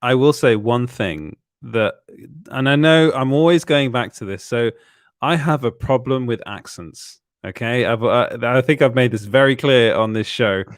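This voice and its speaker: Halting, giggly man on a panel show. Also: medium pitch, dry recording, clean studio sound. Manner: halting, many restarts, laughs often. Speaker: co-host. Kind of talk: casual panel chat. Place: home studio on a live stream.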